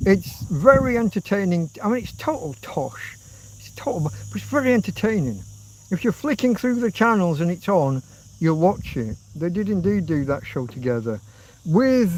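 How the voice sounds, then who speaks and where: A man's voice: sits high, a little mellow, a little hiss or hum, rough recording. A man in his fifties with an English accent, hosting a rambling livestream chat, reading out comments, swearing casually and now and then humming tunes. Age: 50s. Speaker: livestream host.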